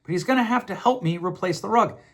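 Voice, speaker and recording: This middle-aged podcast host speaks with a high, fairly bright voice at a quick pace. In a reflective monologue, he earnestly works through relationship advice, frequently restarting and repeating himself.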